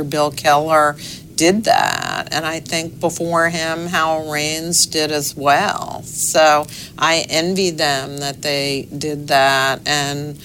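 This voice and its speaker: A middle-aged woman, a newspaper's executive editor, answering interview questions in a measured, thoughtful way with pauses and fillers. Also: sits low, a bit bright, slight background noise.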